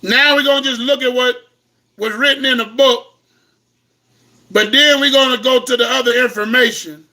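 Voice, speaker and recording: A man giving an impassioned, preaching-style lecture to online viewers, repeating himself and breaking into shouts. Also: very high voice, steady tone, normal speed. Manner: impassioned, repetitive, bursts into shouting. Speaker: host of an online talk.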